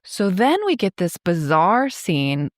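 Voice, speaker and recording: A woman's voice: fairly low pitch, big pitch swings, slow pace, dry recording, clean studio sound. A woman co-hosting a podcast, retelling a film's plot in casual chat, laughing often as she acts out the characters' lines. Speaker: podcast co-host.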